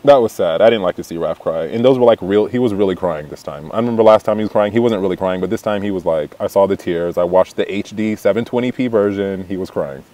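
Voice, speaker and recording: A man's voice: low-pitched, fast, few pauses, warm tone. A young man recapping a reality show in a chatty, catty way, full of "like" fillers and laughter. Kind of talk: casual gossipy recap.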